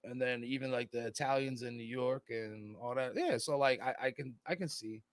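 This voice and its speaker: A man's voice: mid-range voice, moderate pace, no echo. A man co-hosting a podcast in casual chat, rambling and swearing freely. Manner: rambling, profane, slips into put-on voices. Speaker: podcast co-host.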